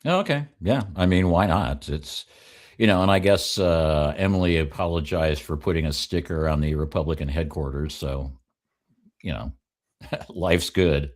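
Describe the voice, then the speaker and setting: A man's voice: rumbling low, moderate pace. A man on a casual political talk panel, wry and joking, often laughing at his own remarks. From Oregon. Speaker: regular panelist.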